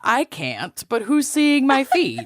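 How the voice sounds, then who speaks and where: A woman co-hosting a podcast in casual chat, animated and self-mocking. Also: high-pitched, slow, no room sound, studio quality. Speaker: podcast co-host.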